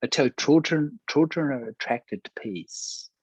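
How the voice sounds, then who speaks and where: A pastor telling a personal testimony in conversation, earnest and acting out quoted dialogue. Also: male voice, mid-range voice, expressive, measured pace, husky, no room sound, low-quality recording.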